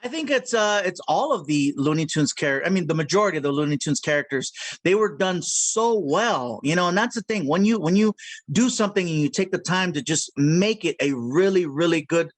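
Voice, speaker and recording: High-voiced, playful male comedian. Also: a little fast, no room sound. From Mexican heritage. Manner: animated, playful storyteller who slips into character voices. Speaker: comedian and voice actor guest. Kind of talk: casual video interview. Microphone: video call.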